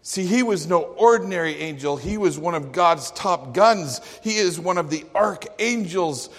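A man's voice: high voice, animated, a little slow, a bit bright, soft background music. A man preaching a sermon in an earnest, emphatic manner. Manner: earnest, emphatic, with acted quotes. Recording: long hall reverb.

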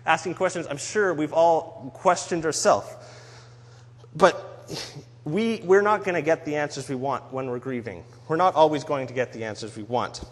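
A man's voice: a little high, moderate pace. A man giving a sermon on a psalm in an earnest, conversational way. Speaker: preacher. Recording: long hall reverb.

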